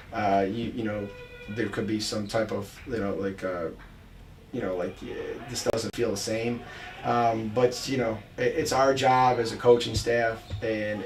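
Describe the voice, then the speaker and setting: A middle-aged man from Buffalo, a college basketball coach, chatting casually and rambling through stories with many restarts and fillers. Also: on the low side. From Buffalo, New York. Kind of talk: casual podcast chat. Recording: distant mic with faint background noise.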